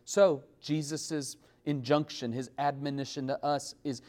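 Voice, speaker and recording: A man's voice: medium pitch, measured pace, darkish tone. A man preaching a sermon, emphatic, with big swings in volume and pace as he builds and drops his points. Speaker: pastor.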